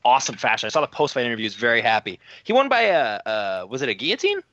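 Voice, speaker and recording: A man's voice: medium pitch, very animated, quick pace, fairly bright tone, no room sound, highs cut off. A man chatting casually as a podcast guest, explaining grappling in a laid-back way with many fillers. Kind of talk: casual chat.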